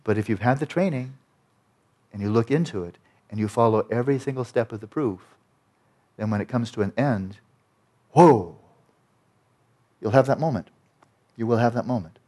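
A man's voice: medium pitch, a little fast, long pauses, a little mellow. Emphatic man lecturing on meditation. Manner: emphatic and explanatory, often asking "right?".

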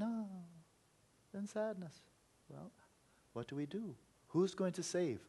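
A man's voice: mid-range voice, vocal fry, warm tone, slight background noise. A man teaching meditation in an earnest, reflective Buddhist talk, sometimes acting out inner voices.

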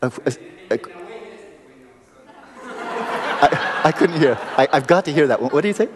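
A man's voice: on the high side, lively intonation, unhurried, long reverb tail, background noise. A man giving a meditation retreat lecture, playful and teasing, telling stories and laughing often. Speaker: meditation teacher.

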